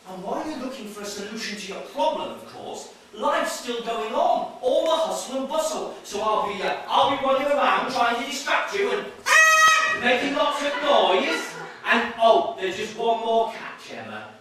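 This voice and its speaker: Pushy, bright-toned stage game show host, recorded from afar in a ringing hall. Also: male voice, very high-pitched, sing-song, moderate pace, slight background noise, heavily acted. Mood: gushing. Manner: showy, bossy, speaks down to the contestant. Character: brash male game show host Bob, pushy and patronizing. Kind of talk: improvised stage play. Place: theatre stage. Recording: echoey theatre from far off, faint music.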